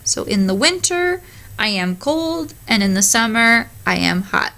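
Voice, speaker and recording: A woman's voice: a little high, very animated, measured pace, creaky, sharp tone. A woman teacher explaining Spanish verb conjugation in a recorded lesson, patiently modelling each word.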